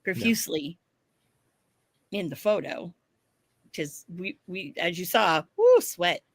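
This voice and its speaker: A woman co-hosting a podcast, telling a story in casual chat, animated, laughing often and swearing casually. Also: lowish voice, slow pace, breathy edge, no room sound. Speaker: podcast co-host.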